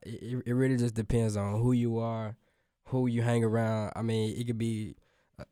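A man talking casually on a faith talk show, relaxed and hesitant with many fillers. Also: mid-range voice, normal speed, clean tone, dry recording, studio quality.

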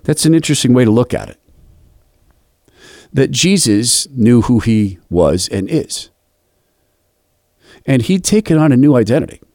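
Animated male Bible study leader, dry sound. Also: medium pitch, unhurried, long pauses, no room sound. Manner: animated, acts out quoted dialogue. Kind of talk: reflective devotional storytelling.

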